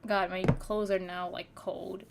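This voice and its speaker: A woman's voice: fairly low pitch, flat delivery, measured pace, gravelly, heavy background noise. A young woman streamer chatting casually, rambling with many fillers and casual swearing. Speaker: vtuber streamer.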